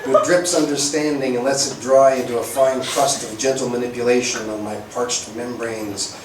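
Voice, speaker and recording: A man's voice: mid-range voice, steady tone, normal speed, slight background noise. A man performing a spoken-word poem with a wry, rhythmic delivery at a live open-mic venue. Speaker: performance poet. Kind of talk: spoken-word poetry reading. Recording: echoey room, far from mic.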